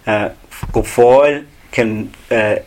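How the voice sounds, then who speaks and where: Calm man with an Ulster Irish accent. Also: fairly low pitch, slow pace. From Ulster, Ireland. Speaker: language teacher. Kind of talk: explanatory teaching.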